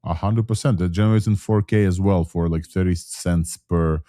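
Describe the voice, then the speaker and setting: A man's voice: low-pitched, fairly even intonation, moderate pace, warm tone, dry recording, studio quality. A man hosting a casual live tech talk show, rambling with many fillers and restarts. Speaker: host.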